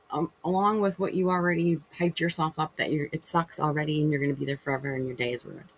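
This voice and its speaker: Husky rambling vlogger, kinda gravelly, acts out little convos while chatting to the camera. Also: medium pitch, low-quality recording. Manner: rambling, acts out imagined conversations; loose and chatty, with fillers and self-corrections. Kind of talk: casual spiritual monologue to camera.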